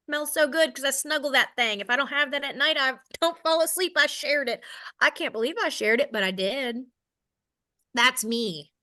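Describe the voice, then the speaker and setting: A woman's voice: high-pitched, sharp tone. A woman in her thirties with a Southern American accent, giving a casual, candid sales training talk, self-deprecating and checking in with "okay?" often. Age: 30s.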